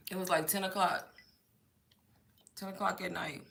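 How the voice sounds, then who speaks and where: A young woman hosting a live stream, telling stories in an animated, chatty way. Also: on the low side, vocal fry, slightly rough. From Texas. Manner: animated storytelling with laughs. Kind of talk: casual chat.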